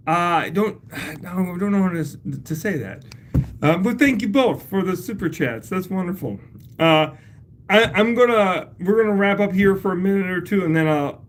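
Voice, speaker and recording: A woman hosting a casual livestream, coaching a viewer through a home repair and then explaining it plainly. She chats loosely, laughs often and swears casually. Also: on the low side. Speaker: livestream host answering home repair questions.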